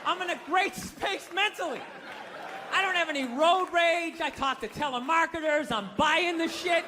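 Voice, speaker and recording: A man's voice: very high-pitched, moderate pace, a crowd in the background, background noise. A man doing a profane, incredulous stand-up rant on a stage, with the audience laughing in the background. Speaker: stand-up comedian. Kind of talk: stand-up comedy set. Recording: live stage set with audience.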